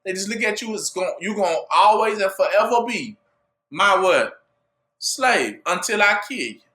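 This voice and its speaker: A man preaching a call-and-response sermon, asking "what?" for the listeners to fill in and rising to shouts at his peaks. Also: sits high, lively intonation, moderate pace, echoey room. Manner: asks "what?" for the audience to fill in.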